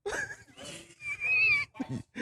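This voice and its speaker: A man with a New Orleans accent hosting a casual podcast chat, animated and laughing often, repeating himself. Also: extremely high pitch, drawn-out words. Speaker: podcast host.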